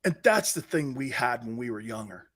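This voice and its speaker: A man at medium pitch and moderate pace hosts live sports talk, spinning animated stories that move from quiet asides to loud outbursts, all with swaggering, blunt banter.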